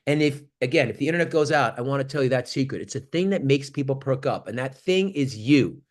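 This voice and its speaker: A man giving an animated motivational talk on a video call, swinging from loud exclamations to near-whispers. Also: mid-range voice, fast. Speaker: guest speaker on an acting workshop call.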